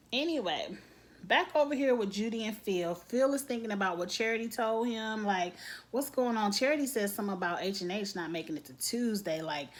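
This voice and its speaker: A woman giving a casual, blunt TV episode recap, acting out characters' lines with lots of slang. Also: medium pitch. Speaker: TV recap vlogger.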